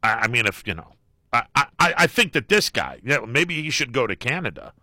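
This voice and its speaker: A man's voice: medium pitch, big pitch swings, a little fast, bright, forceful tone, dry recording, clean studio sound. A middle-aged man hosting a call-in radio show, joking wryly and leaning on fillers as he reads poll results. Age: middle-aged or older. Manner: wry, joking, with frequent fillers. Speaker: radio talk show host. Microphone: studio microphone.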